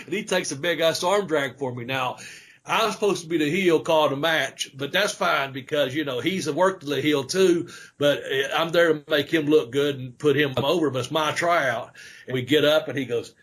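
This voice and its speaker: A middle-aged former wrestler casually tells rambling stories on a podcast, full of fillers and laughter. His voice is fairly high and a bit bright, at normal speed.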